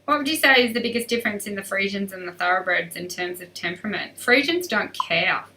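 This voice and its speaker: A woman's voice: medium pitch, animated, brisk, sharp tone, recorded from a distance, a little hiss or hum, rough recording. A woman riding coach hosting a live stream, chatty and upbeat as she reads out and answers viewer questions.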